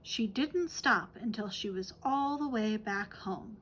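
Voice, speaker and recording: A woman storyteller reading a picture book aloud to children, clear and gentle. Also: medium pitch, slow, slight background noise.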